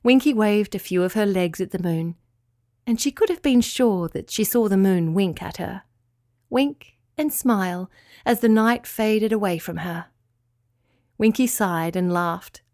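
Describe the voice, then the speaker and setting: A woman narrating a children's bedtime story in a soft, gentle, expressive way. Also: a little high, no room sound, clean studio sound.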